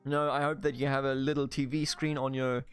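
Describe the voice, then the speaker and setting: A man's voice: medium pitch, level tone, a little fast, clean tone, soft background music. A man with a German accent giving casual, jokey let's-play commentary on a strategy game, thinking aloud with restarts. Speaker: gaming YouTuber.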